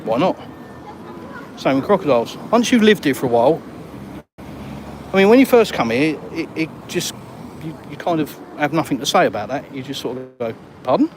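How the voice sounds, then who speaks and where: A man's voice: on the high side, lively intonation, brisk. A man chatting and joking with viewers while live-streaming on a walk outdoors. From England. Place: outdoors on a city street. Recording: outdoor street traffic noise.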